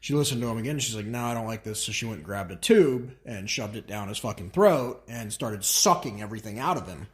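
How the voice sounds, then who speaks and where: A man's voice: fairly low pitch, lively intonation, a little fast, hardly any pauses. A man in his thirties co-hosting a podcast, telling the story casually in a blunt way and swearing now and then. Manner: blunt, swears casually, repeats words as he restarts. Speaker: podcast co-host.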